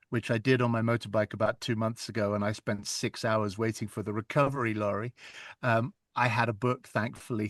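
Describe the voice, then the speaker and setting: A man, an audiobook narrator chatting in an interview, telling stories in a lively, animated way. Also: medium pitch, no echo, studio quality. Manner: chatty, animated storytelling with laughs. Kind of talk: casual interview chat.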